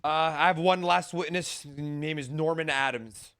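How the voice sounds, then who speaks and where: A man's voice: a little high, steady tone, normal speed, fairly bright tone, clear, resonant tone, no echo. A man playing a pushy lawyer in role-play court, arguing with theatrical objections.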